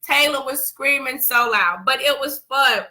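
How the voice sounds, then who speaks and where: A woman co-hosting a couples talk show, chatting casually in a lively storytelling way, repeating words as she goes. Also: high-pitched, measured pace. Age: adult parent. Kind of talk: casual chat.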